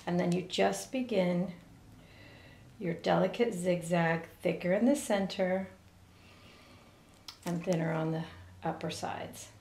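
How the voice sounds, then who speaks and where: A woman's voice: fairly low pitch, slow pace, creaky, long pauses, a little hiss or hum. Woman teaching cake decorating, echoey room. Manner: gentle, careful explaining. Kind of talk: step-by-step demonstration.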